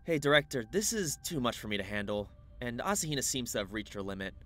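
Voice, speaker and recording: A man's voice: mid-range voice, very animated, fast talker, sharp tone. A man voicing a polite, confident teenage boy in an audiobook reading. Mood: composed.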